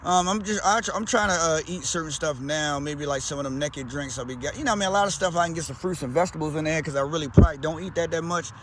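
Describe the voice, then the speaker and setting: A man's voice: a little high, fast talker, few pauses, noisy background. A man with a Baltimore accent, talking in a loose, slangy, rambling way as a vlogger. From Baltimore, USA. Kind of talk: casual rambling chat.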